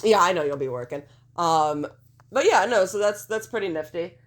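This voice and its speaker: A woman's voice: fairly low pitch, expressive, normal speed. A woman co-hosting a podcast in casual chat, rambling and laughing, swearing freely, a little congested. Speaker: podcast co-host.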